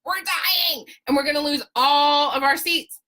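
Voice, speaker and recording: A woman's voice: sits high, measured pace, pushed and bright, voice pushed up. A woman briefly voicing Gollum, a desperate clinging male creature, in a pleading, hissing way.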